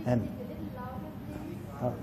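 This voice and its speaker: A man's voice: extremely slow, warm tone, in a large hall. A man casually telling a rambling, folksy story about a past experience to a group of listeners. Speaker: UFO witness telling his story.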